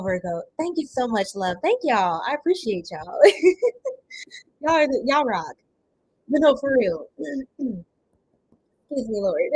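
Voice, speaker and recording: A woman reading tarot cards on a casual livestream, chatting with viewers, laughing often and breaking into bits of song, with a voice strained from not warming up. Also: on the high side, husky, no echo, rough recording. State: voice a bit strained, not warmed up. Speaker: tarot reader.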